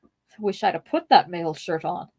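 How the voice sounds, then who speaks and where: A woman's voice: on the low side, animated, normal speed, darkish tone, husky. A woman voicing a loyal, plucky male hobbit servant with homely, folksy speech. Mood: grumbling.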